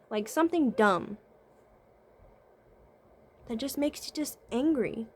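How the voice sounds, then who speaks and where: With a fairly high voice and lively intonation, a woman speaks slowly and pauses often. She's a vlogger and spiritual consultant sharing life advice casually to camera, asking rhetorical questions and checking in with "right?" Frequent "mm-hmm" hums fill the moments while she thinks aloud.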